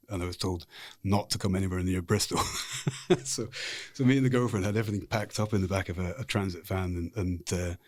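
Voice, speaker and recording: A man's voice: deep voice, darkish tone, no echo, studio quality. A middle-aged man with a Scottish accent, a podcast guest telling frank, rambling stories in a casual interview. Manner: frank, rambling anecdotal storyteller.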